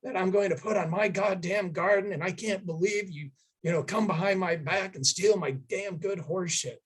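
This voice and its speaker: A man's voice: high voice, normal speed, breathy edge, pitched above the performer's own voice. A man doing a furious cursing older neighbor. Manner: swearing, stern.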